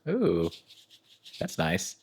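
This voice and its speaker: A woman's voice: a bass voice, huge pitch swings, extremely slow, darkish tone, a little hiss or hum. A woman off camera making playful, teasing side comments in casual banter. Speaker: off-camera co-host chiming in. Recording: roomy, echoey off-mic sound.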